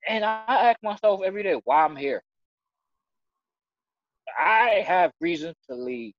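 High-voiced emotional man, halting. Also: dry recording, muffled recording. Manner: earnest, halting with repeated restarts. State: emotional, near tears. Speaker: church member sharing his story. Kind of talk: emotional personal testimony.

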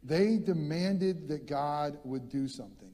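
A male pastor preaching an animated sermon in a church, repeating words as he gets fired up. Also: on the high side, measured pace, long reverb tail.

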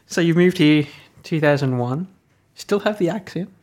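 A woman's voice: low-pitched, expressive, a little slow, a little mellow. A woman with an Australian accent hosting an interview, asking questions in a playful, teasing way. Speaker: host. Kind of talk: casual interview chat.

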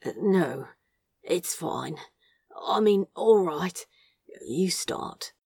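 A woman's voice: lowish voice, animated, very slow, darkish tone, breathy edge, no echo, heavily acted. A woman voicing a nervous, awkward man who stammers and hesitates, in a fan audio drama. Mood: flustered.

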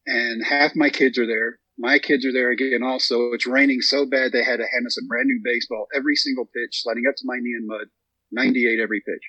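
Talking fast in a husky, mid-range voice, a Texas man in his thirties recounts a long story as an interview guest, voicing other people's lines with animation. There's no room sound, and the audio is lo-fi.

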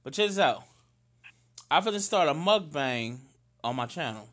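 St dude riffing with his cousin, loud and animated, slightly high voice. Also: normal speed. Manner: loud, animated storyteller, slangy and emphatic. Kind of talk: casual chat between cousins.

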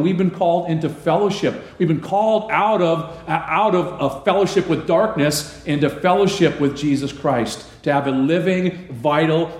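A man's voice: a little high, roomy sound. A man preaching a sermon as a pastor, asking the congregation questions and answering them himself.

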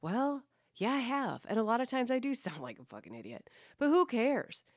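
On her own podcast, a woman talks casually and bluntly in a solo monologue, swearing a lot and cracking self-deprecating jokes; she also coaches kids in fitness. Her pitch is fairly high and very animated, her pace moderate, and her voice is called a radio voice. The studio-quality recording has no room sound.

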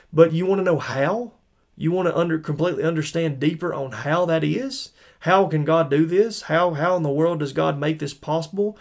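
A man's voice: fairly high pitch, darkish tone. A man preaching verse by verse, thinking aloud and repeating words for emphasis in a conversational way. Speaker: preacher teaching scripture. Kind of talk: informal verse-by-verse Bible teaching.

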